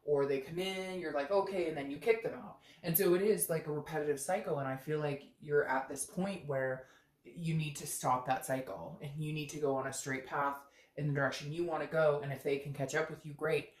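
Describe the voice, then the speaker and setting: A woman's voice: low-pitched, steady tone, brisk. Chatty woman reading tarot, echoey room. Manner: chatty, earnest, thinks aloud with many fillers. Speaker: tarot reader. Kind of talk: casual tarot reading to camera.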